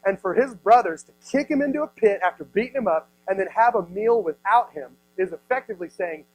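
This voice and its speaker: Speaking fast and with few pauses, this man's voice sits high and sounds animated, and the recording quality is low. He's a youth pastor in his thirties in a youth service room, preaching a playful sermon where he acts out the story's characters and says "like" a lot.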